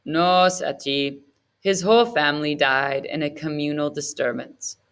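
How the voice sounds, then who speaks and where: A woman's voice: low voice, a little slow, fairly bright tone, clean tone. A woman voicing a fawning, scheming male orphanage keeper who talks in a wheedling, ingratiating way.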